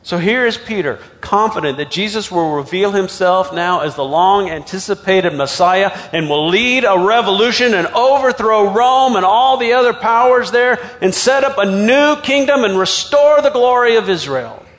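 A man preaching a sermon as a pastor, telling the story dramatically and swinging from loud outbursts to hushed near-whispers. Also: sits high, expressive, moderate pace, few pauses, big-room sound.

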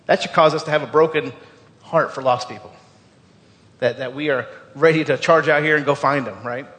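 A man preaching a sermon in a fairly high voice, earnest and conversational. He restarts and repeats words as he presses the congregation with questions. His voice rings with the long reverb of a large church hall. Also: normal speed, a bit bright. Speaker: pastor. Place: church sanctuary.

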